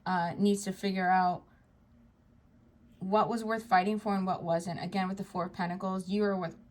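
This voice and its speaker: A woman giving a tarot card reading to her viewers, talking to them directly in a soft, reassuring way. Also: mid-range voice, little pitch movement, normal speed. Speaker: psychic tarot reader.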